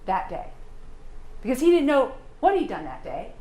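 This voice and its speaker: A woman's voice: high voice, huge pitch swings, normal speed, warm tone. Prosecutor woman pressing the jury hard. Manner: pointed rhetorical questioning. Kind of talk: courtroom closing argument. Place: courtroom. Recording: roomy courtroom sound, faint hum.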